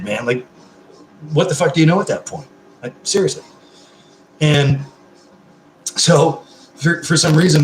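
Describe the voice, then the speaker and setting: A man's voice: medium pitch, a little hiss or hum. Chatty man in his thirties, echoey room. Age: 30s. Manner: chatty and affectionate, swears freely. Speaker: livestream host. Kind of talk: casual livestream chat.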